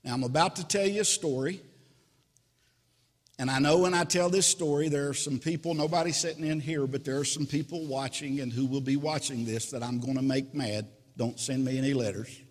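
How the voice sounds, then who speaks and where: A man preaching a sermon as pastor, slow and emphatic, repeating key words. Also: mid-range voice, long reverb tail.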